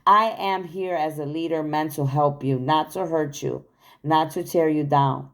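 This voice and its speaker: Woman with a low voice, delivering a spiritual address straight to camera on a phone, earnest and accusatory. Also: steady tone, a little slow. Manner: earnest, accusatory, repetitive declarations. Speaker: spiritual channel host. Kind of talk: spiritual monologue to viewers.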